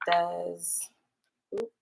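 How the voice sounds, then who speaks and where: A woman's voice: on the low side, huge pitch swings, extremely slow, creaky, darkish tone. Chatty young woman reading tarot. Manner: chatty, rambling, full of "like" fillers. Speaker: tarot reader. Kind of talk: casual livestream tarot reading.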